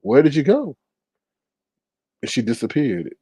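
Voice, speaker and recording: A man hosting a livestream, reading chat and gossiping in a sassy, animated way, often laughing and jumping into high mocking tones. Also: measured pace, slightly rough, no echo. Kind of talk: casual gossip commentary.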